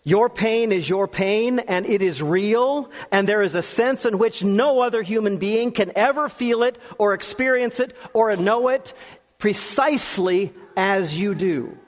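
A man with a fairly high voice preaches slowly and earnestly, leaving long pauses and letting key words sink low and soft. His voice rings out with a long reverb, as in a large hall. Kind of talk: sermon.

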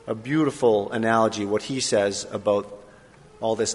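A male pastor preaching a sermon in a relaxed, conversational way, with pauses and fillers. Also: on the low side, slightly rough. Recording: long reverb of a large hall.

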